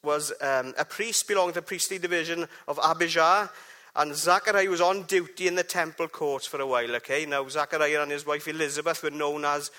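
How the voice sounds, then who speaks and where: A man's voice: a little high, fairly even intonation, fairly quick, bright, forceful tone. A man giving a chatty, jokey church talk, often asking the congregation questions. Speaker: preacher.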